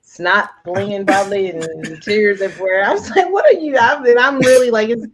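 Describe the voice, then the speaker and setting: A woman's voice: mid-range voice, moderate pace, a crowd in the background, rough recording. A woman co-hosting a casual chat, telling rambling stories with many fillers. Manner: rambling storyteller, many fillers, laughs often. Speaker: co-host.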